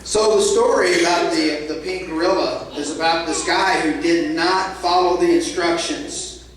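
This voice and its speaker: A man's voice: on the high side, measured pace, slight background noise. Man telling a playful story in an echoey hall. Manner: playful, with sound effects and audience questions. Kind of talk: live storytelling to a family audience. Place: event hall with live audience. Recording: echoey hall, distant mic.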